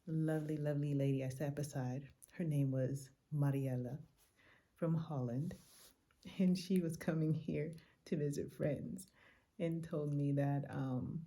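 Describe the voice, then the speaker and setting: A woman telling a chatty, animated travel story in a hotel room at night, tired and a little loopy. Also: low-pitched, unhurried. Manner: chatty, animated retelling with quoted exchanges. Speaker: travel vlogger. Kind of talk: casual travel vlog storytelling.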